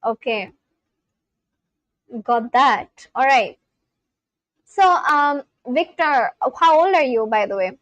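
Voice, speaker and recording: A woman's voice: high voice, expressive, takes it slowly, pauses often, dry recording, highs cut off. A woman hosting a casual live stream, chatting with viewers, reading out their messages and laughing often. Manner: chatty, reads out and answers chat, laughs often.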